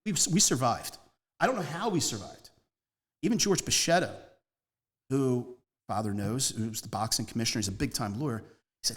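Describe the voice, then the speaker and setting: A man's voice: mid-range voice, lively intonation, normal speed. Rambling man telling stories. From Northeast Philadelphia. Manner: rambling, emphatic, jumps between stories. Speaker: guest. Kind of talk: casual storytelling interview.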